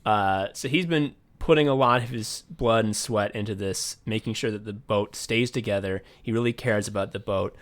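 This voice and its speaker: A man co-hosting a podcast, retelling a story in casual chat with lots of excited swearing. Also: on the low side, moderate pace, hardly any pauses. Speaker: podcast co-host.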